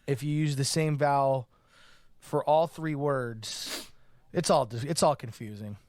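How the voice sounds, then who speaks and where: A man's voice: medium pitch, measured pace, a little mellow, no room sound, studio quality. A man co-hosting a podcast in goofy, playful casual chat, swearing freely. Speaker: podcast co-host.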